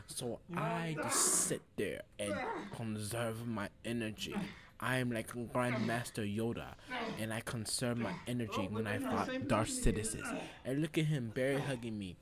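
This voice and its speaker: A young man narrating his own video in a joking voice-over, deadpan and boastful, sometimes dropping to a quiet mumble. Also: measured pace. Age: young adult. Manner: deadpan boasting, mock trash talk, drops to quiet low mumbling. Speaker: vlogger. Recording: crowd noise behind.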